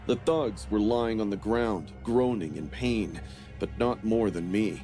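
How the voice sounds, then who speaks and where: A man giving a scripted first-person horror narration in a steady, grim storytelling manner. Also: on the low side, a little slow, soft background music.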